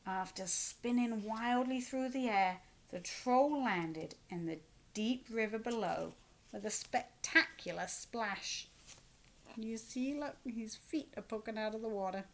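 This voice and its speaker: A woman reading a picture book aloud to children, expressive, with asides to her young listeners. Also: fairly high pitch. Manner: slow, expressive read-aloud with asides to kids. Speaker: children's story reader.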